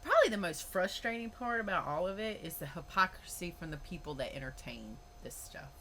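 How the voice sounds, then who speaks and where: A woman's voice: lowish voice, sing-song, fairly quick, fairly bright tone, slight background noise. A woman hosting a podcast, ranting in a blunt, emphatic way and swearing freely. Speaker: podcast host. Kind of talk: opinionated podcast monologue.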